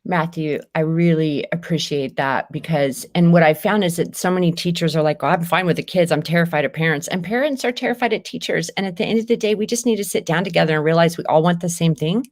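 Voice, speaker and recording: A woman's voice: fairly low pitch, fast, few pauses. A woman educator speaking as a podcast guest, affirming and agreeing often in casual conversation. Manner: warm affirming listener, frequent agreement.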